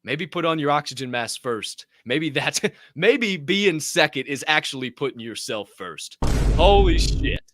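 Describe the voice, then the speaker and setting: Man, podcast co-host, motivational faith talk, fervent, swears casually, sharp bright voice. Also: fairly high pitch, animated, a little slow, a little hiss or hum.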